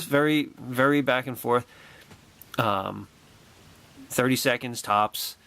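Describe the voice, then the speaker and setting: A man vlogging a personal anecdote with excitable, wry storytelling and a sarcastic edge. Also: medium pitch, slow pace.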